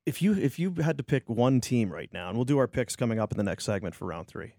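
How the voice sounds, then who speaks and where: A man's voice: medium pitch, very animated, fast, mellow, no echo, studio quality. A man co-hosting a casual sports talk show, bantering and teasing his partner.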